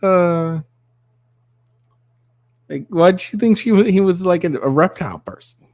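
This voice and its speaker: A man's voice: high-pitched, a little slow, darkish tone, no room sound, studio quality. A man hosting a casual reaction video, mocking the clip with profanity, lots of fillers, and bursts of laughter. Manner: crude, mocking, giggly, rambling. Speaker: commentary channel host.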